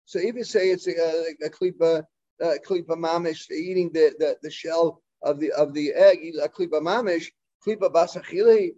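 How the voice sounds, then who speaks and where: Guy with a high voice teaching talmud, lots of uhs and restarts, kinda muffled sound. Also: dark tone. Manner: halting, full of fillers and restarts, mixing Hebrew and Aramaic terms. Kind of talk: Talmud class lecture.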